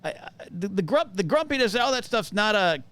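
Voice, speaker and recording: A man's voice: sits high, big pitch swings, a little fast, bright, forceful tone, dry recording. A middle-aged man chatting as a guest, dry and self-deprecating, often stopping and restarting his sentences. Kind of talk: casual chat.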